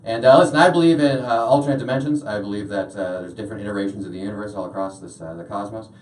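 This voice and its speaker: A young man doing a stand-up routine in a comedy club, deadpan, with lots of "uh" fillers. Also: lowish voice, racing. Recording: roomy club sound from a distance.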